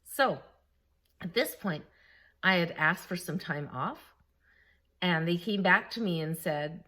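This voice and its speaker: A woman vlogging to her camera, telling a story in a lively, laughing way and often quoting the people she talks about. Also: on the low side, slow pace, pauses often. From Canada. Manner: animated, laughing, quoting others. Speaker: vlogger, former school staff member.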